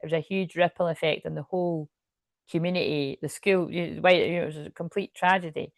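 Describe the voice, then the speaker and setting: A gravelly woman's voice, on the low side and steady, moves a little fast. She's a Scottish tarot reader chatting and rambling through a casual reading to camera, swearing freely and laughing often, in a dry recording.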